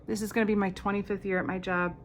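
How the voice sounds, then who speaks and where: Doing her makeup on camera, a woman in her fifties talks quickly in a mid-range voice with little pitch movement. She rambles through stories with dry sarcasm in this casual get-ready-with-me chat, and there's a little hiss or hum.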